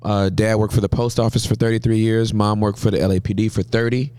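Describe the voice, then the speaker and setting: A man in his forties from Southern California, a pastor telling stories as a guest in an interview, with a humorous, lively manner. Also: lowish voice, quick pace, clear, resonant tone, dry recording, studio quality. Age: 40s. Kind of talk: interview storytelling.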